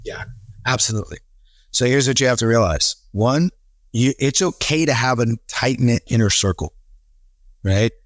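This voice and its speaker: A man in a casual podcast conversation, telling stories with animated quoted voices. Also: mid-range voice, moderate pace, long pauses, no room sound, clean studio sound. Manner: animated storyteller, acts out quotes. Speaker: real estate team leader, podcast guest.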